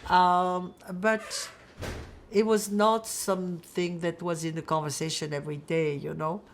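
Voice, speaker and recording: An older woman from France speaks slowly in a reflective, halting way, pausing on fillers as she gathers her thoughts. Her voice is low and gravelly, with a rough fry at the ends of her phrases. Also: level tone, slight background noise. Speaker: Holocaust survivor interviewee. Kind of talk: oral history testimony.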